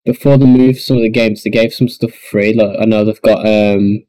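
A man's voice: lowish voice, steady tone, moderate pace, dark tone, no room sound, rough recording. A man co-hosting a podcast, chatting casually and easygoing, trailing off with "um.". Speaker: podcast co-host. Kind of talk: casual chat.

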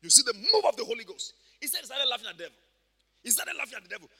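A male pastor preaching a lively sermon. His voice is very high and piercingly bright, and he often rises to a shout. It rings with long hall reverb. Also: very fast. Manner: animated, shouting and laughing, emphatic.

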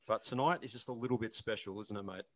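A man's voice: on the low side, fast, dry recording. A man from Queensland with an Australian accent co-hosting a sports podcast with friendly, upbeat banter. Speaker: podcast co-host.

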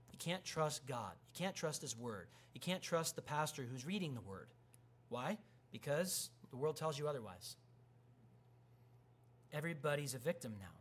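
A man's voice: mid-range voice, breathy edge. A man in his thirties, a pastor preaching a sermon and acting out quoted voices. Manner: animated, acts out quoted voices.

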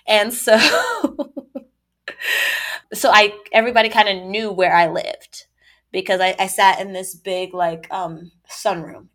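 A young woman telling a story in a casual, chatty way, with quick asides and laughs between lines. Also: lowish voice, a bit bright.

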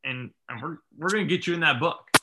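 A man's voice: fairly high pitch, quick pace, background noise. A man in casual conversation, reacting with short interjections and asking follow-up questions. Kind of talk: casual chat.

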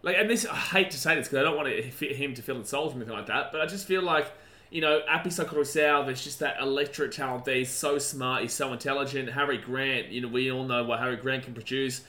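A man's voice: mid-range voice, quick pace, sharp tone, roomy sound. A man co-hosting a casual sports podcast, talking animatedly, laughing often and restarting his sentences. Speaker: podcast co-host.

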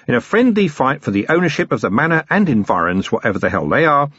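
A man voicing a gruff, sardonic police commander in an audiobook reading. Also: medium pitch, no room sound, highs cut off, pitched above the performer's own voice. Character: gruff, wry middle-aged police commander.

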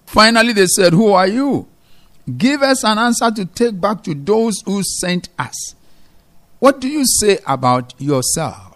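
A male pastor delivering a sermon in a fairly high-pitched voice. He preaches emphatically, rising to loud exhortations and then dropping low and quiet to drive a point home. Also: expressive, measured pace.

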